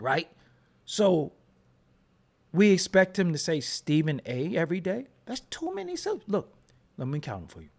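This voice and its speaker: A man's voice: fairly high pitch, wildly swooping pitch, moderate pace, vocal fry, pauses often. A man hosting a casual commentary show, joking and riffing in slangy with frequent laughs. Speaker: host.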